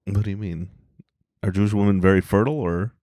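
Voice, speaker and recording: A man guesting on a comedy podcast, self-mocking and quick to laugh in casual chat. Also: on the low side, steady tone, warm tone, no room sound, studio quality. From west coast of the US.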